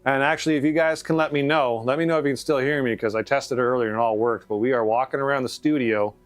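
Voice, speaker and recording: A Canadian man talks fast in a steady, mid-range voice while hosting a casual live stream from his home studio, faint music behind him. Chatty and upbeat, he greets viewers and reads their comments aloud into a shotgun mic.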